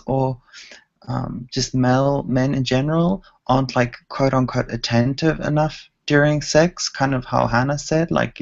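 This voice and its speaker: A woman's voice: extremely low pitch, vocal fry, a little mellow. A woman on a podcast panel, speaking hesitantly with lots of ums and likes. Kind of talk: casual chat. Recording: dull lo-fi audio.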